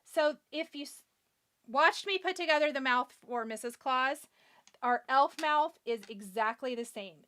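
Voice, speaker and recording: A woman's voice: on the high side, a bit bright, clear, resonant tone. A woman hosting a live craft tutorial, chatting about her steps, teasing herself over small slips and answering viewer comments. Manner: chatty and self-deprecating, talking to herself as she works. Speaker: crafting livestream host.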